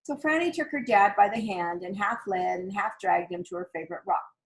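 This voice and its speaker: Gentle woman reading a picture book. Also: medium pitch, brisk. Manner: gentle, expressive storytelling. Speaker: storybook reader. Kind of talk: storybook read-aloud.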